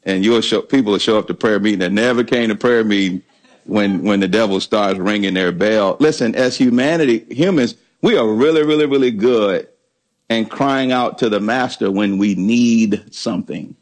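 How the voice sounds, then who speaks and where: A pastor with a lowish voice, speaking at normal speed, preaches a sermon emphatically. He repeats words for stress and puts call-and-response questions to the congregation.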